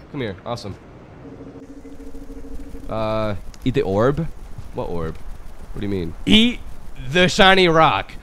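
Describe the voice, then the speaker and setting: A young man giving loose, excitable commentary while playing a video game, swearing often and talking to his chat. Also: medium pitch, a little hiss or hum. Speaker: gaming streamer. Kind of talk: casual let's-play commentary. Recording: game music playing behind. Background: game music.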